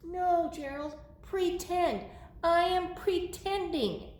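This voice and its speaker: A woman's voice: very high voice, takes it slowly, darkish tone, pitched above the performer's own voice. A woman voicing a cheerful, confident young pig in a storybook read-aloud, patient and matter-of-fact. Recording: echoey room.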